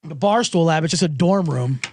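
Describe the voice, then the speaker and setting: A man's voice: fairly high pitch, moderate pace, darkish tone. A middle-aged man hosting a podcast, ranting in a sarcastic comedic monologue and swearing freely. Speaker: podcast host.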